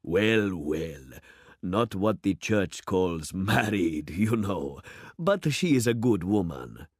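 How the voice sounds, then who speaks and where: A man's voice: deep voice, sing-song, takes it slowly, slightly rough, no echo, heavily acted. A man voicing a worldly, boastful middle-aged city man who speechifies with rising fervor, in a dry, close storybook reading. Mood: jovial. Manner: expansive, speechifying, rising to oratory.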